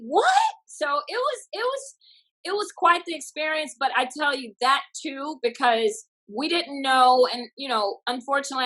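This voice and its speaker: A woman comedian from a small Texas town tells her stories with plenty of bounce. Her voice sits a little high and rings bright and forceful. She slips into the voices of the people she quotes as she goes. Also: rough recording. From Tatum, Texas. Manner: lively, acts out quotes in bursts. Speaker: comedian and guest. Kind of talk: animated storytelling.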